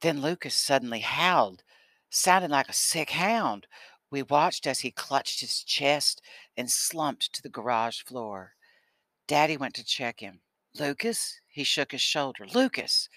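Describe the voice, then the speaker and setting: A man narrating an audiobook in a steady storytelling manner. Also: mid-range voice, measured pace, no room sound. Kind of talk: scripted narration.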